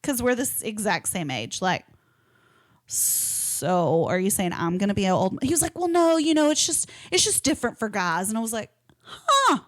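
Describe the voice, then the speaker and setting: This podcast co-host, a woman with a mid-range voice, speaks at a moderate pace while telling a story over casual chat. Acting out quotes with lots of energy, she curses and laughs as she goes.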